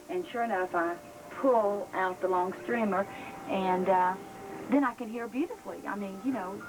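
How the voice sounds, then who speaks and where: A woman's voice: mid-range voice, background noise. A woman with a Southern accent teaching gospel clowning and balloon twisting in a folksy, chatty way with many fillers. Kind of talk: casual instructional talk.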